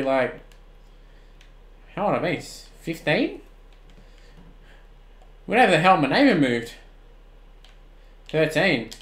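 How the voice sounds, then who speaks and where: An Australian man in his twenties streaming a football video game, shouting at the plays and then chatting casually with viewers. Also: a little high, roomy sound. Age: 20s. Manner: excitable, swings from shouting at the game to relaxed chat. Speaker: gaming streamer. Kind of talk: live-stream commentary and chat replies.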